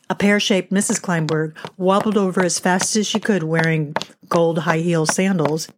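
Wry woman narrator, low voice. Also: slight background noise. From United States. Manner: wry, self-mocking. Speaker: podcast host. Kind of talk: scripted humorous storytelling.

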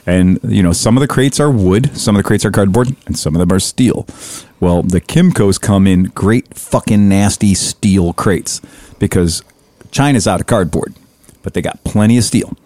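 A man telling a story in casual podcast chat, swearing freely and animated. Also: fairly low pitch, moderate pace, no room sound.

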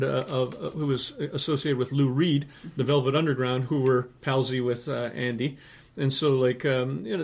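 A man's voice: medium pitch, a little hiss or hum. A man in his sixties from Canada, an interview guest telling long anecdotes in a rambling, casual way, with many fillers and laughter at his own stories. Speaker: interview guest, writer and publisher.

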